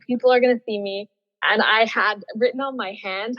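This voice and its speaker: A woman recounts her experience at an easy, chatty pace, laughing often and putting on her past self's excited voice. The audio is dull and muffled, with a long reverb trailing behind her. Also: a little high, moderate pace. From Australia. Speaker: guest, former Olympian. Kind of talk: casual storytelling interview.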